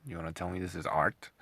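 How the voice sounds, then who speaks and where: A low, gravelly man talks slowly through a scornful commentary rant. His voice is husky and deep, and he mocks his subject with rambling sarcasm. The sound is close and dry. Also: fairly bright tone, dry recording. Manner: rambling, repeats himself. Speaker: commentary channel host. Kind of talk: opinionated commentary monologue.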